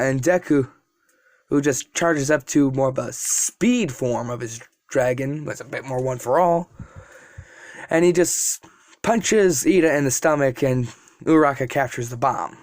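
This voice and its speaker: A man's voice: mid-range voice, a little slow, dry recording. A young man casually narrating a fan-made story, rambling with restarts and asides.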